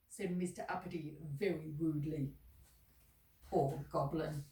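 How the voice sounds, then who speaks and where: A woman reading a children's story aloud in an expressive, sing-song way. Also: on the low side, unhurried. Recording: echoey room, mic at a distance.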